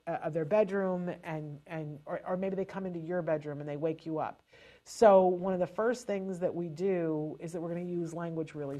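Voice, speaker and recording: Chatty, animated woman with a lowish voice. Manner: animated and chatty, with frequent restarts. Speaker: advisor to parents on child language delay. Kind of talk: casual spoken advice.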